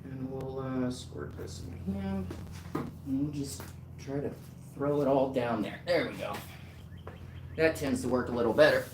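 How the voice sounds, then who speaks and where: A man's voice: mid-range voice, a little slow, long pauses, background noise. A man live-streaming while he paints. He chats casually with his viewers in a rambling, easygoing way, full of fillers. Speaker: artist livestreamer. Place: outdoors on a warm day.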